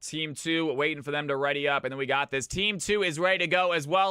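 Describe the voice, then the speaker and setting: A man hosts a live stream as its shoutcaster, calling the match and welcoming viewers by name with announcer-style hype. His voice sits a little high and rings bright. The sound is dry and close. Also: fast, hardly any pauses, smooth, no room sound. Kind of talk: live esports commentary.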